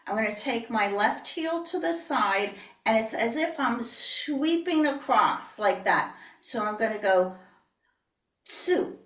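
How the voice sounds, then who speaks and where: A woman teaching tai chi in an online class, calmly cueing each step and breathing out whispered healing sounds. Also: on the high side, distant mic. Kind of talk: online movement class instruction. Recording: echoey room, voice heard from off the mic.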